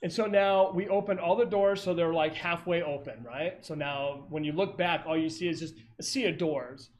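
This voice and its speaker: A man's voice: on the high side, moderate pace. Rambling man telling ghost stories. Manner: rambling, many fillers and self-corrections. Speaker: paranormal investigator. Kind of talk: casual storytelling over a video call. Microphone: video call.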